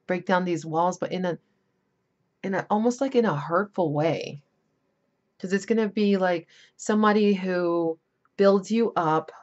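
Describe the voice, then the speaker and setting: Woman tarot reader, low voice, rambling emphatic delivery, muffled lo-fi recording. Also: darkish tone. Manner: chatty, rambling, emphatic warnings. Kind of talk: casual tarot reading.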